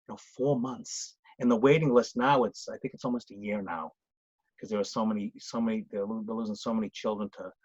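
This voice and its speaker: A man's voice: fairly low pitch, steady tone, a little fast, a little mellow, husky, dry recording, muffled recording. A middle-aged man with a Boston accent, a podcast guest talking casually, rambling with frequent restarts. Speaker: guest, grief coach and author. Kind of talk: casual conversational interview.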